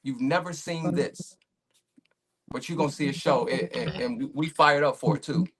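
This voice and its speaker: A man's voice: on the high side, normal speed, a bit bright, a little hiss or hum. A man talking casually as a guest on a remote podcast call, laid-back and rambling, with many fillers and restarts. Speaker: league owner guest.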